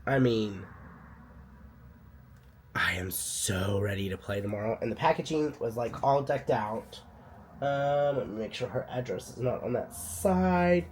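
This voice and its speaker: A man's voice: mid-range voice, a little hiss or hum. A man chatting casually in a vlog, a boutique owner telling stories in a sassy way, coughing now and then while under the weather.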